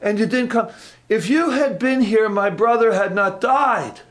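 A man doing Martha, a high, frustrated grieving woman. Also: unhurried, close to an everyday voice. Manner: pleading, accusing, raised voice. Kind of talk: sermon role-play of a biblical figure.

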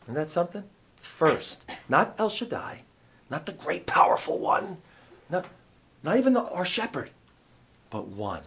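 Male pastor, lively teaching-sermon delivery, a touch higher than most men, keeps asking the room questions. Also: unhurried, long pauses. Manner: animated, conversational, asks the audience questions. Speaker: pastor teaching a Bible class.

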